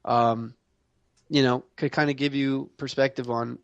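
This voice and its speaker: A man hosting a casual gaming podcast, reading news in a relaxed way with many fillers. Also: mid-range voice, measured pace, dry recording, muffled recording. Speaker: podcast host.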